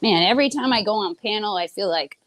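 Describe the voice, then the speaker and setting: A woman co-hosting a casual live-stream panel, chatty and halting, with lots of fillers. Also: mid-range voice, expressive, a bit bright, no room sound. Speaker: panel co-host.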